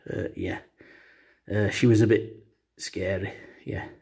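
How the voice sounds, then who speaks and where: Husky-voiced man telling stories. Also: lowish voice, fairly even intonation, takes it slowly, a little mellow. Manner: rambling, full of uh fillers. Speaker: comedy vlogger. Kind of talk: deadpan comic storytelling.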